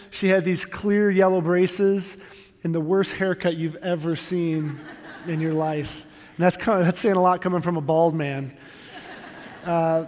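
A middle-aged man preaching a sermon, telling a personal story candidly and earnestly, with self-deprecating humor. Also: sits high. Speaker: pastor. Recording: long reverb of a large hall.

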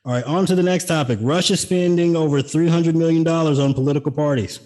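A man's voice: a little high, fairly even intonation, fast talker, a little mellow. Sarcastic man co-hosting a casual podcast. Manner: sarcastic, jokey asides. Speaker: podcast co-host. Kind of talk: casual political chat.

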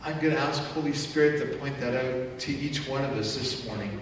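A man's voice: mid-range voice, a little fast, few pauses, background noise. Male pastor preaching in an echoey hall. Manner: animated, acts out angry outbursts in quotes. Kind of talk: sermon. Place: church sanctuary. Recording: echoey church hall from far off.

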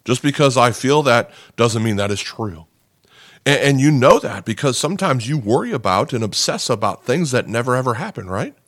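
Man, pastor, sermon, earnest, conversational, mid-pitched voice, dry close sound. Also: animated, moderate pace, fairly bright tone, dry recording. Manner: earnest and conversational, repeats words, often asks "okay?". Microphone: podcast microphone.

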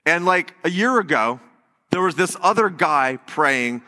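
In a church sanctuary, a pastor delivers a sermon in a slightly high voice at a measured pace, with a long reverb tail trailing his words. He tells stories animatedly and acts out the quotes.

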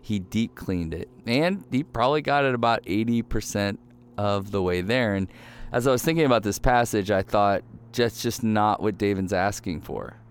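A man's voice: on the low side, moderate pace, smooth. A man giving a casual, conversational sermon, talking loosely with lots of "like" and "right?" asides. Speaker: preacher.

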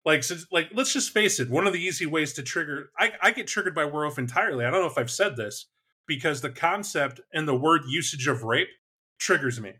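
A man in casual conversation about tabletop games, animated and quick to act out voices. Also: on the high side, slightly rough. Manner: animated, acts out voices and shouts in bursts.

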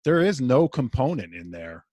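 A man's voice: medium pitch, big pitch swings, darkish tone, no echo. Conversational man host, dry sound. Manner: conversational, halting questions. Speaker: podcast host. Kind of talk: podcast interview.

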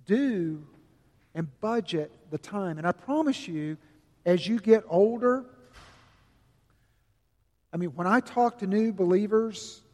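Earnest older preacher, slow, in a big hall. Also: male voice, high voice, a little mellow. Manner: earnest, folksy storytelling with slow emphatic stretches. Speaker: pastor. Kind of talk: sermon. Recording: long reverb of a large hall.

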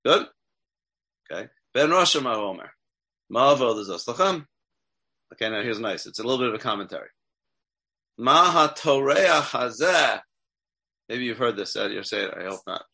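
A man's voice: fairly low pitch, lively intonation, fast talker, vocal fry, pauses often, bright, forceful tone, breathy edge. A man teaching a text class as a rabbi, asking his students questions and checking in with them often. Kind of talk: interactive Torah class.

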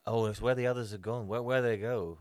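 Man with a dutch accent, lowish voice, dry close sound, chatty podcast co-host who trails off. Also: steady tone, fairly quick, darkish tone, dry recording. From Netherlands. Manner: chatty, laughs often, trails off mid-sentence. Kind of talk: casual chat.

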